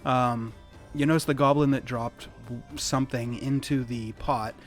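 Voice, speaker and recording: A man narrating as game master of a tabletop game, relaxed and rambling with many fillers. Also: medium pitch, moderate pace, faint music behind.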